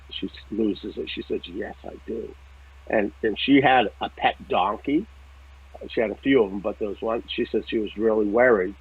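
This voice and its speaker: A man, telling a story as a psychic medium in lively casual talk, swearing now and then and checking in with "right?". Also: mid-range voice, creaky, slightly rough. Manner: animated, swears casually, laughs often, repeats "right?" and "okay?". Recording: tinny phone-like line.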